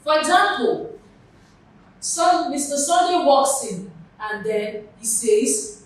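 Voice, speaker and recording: Nigerian lady teaching exam english, patient examples, high voice, big echo. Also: takes it slowly. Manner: explains patiently with examples and questions. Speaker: English tutor. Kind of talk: exam prep lesson. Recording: very echoey room, mic far off.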